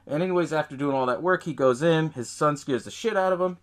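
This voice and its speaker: A man's voice: on the high side, quick pace. A man hosting a podcast, casually recapping a horror film in a rambling, profane way. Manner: rambling, profane, laughs at own retelling. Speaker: podcast host.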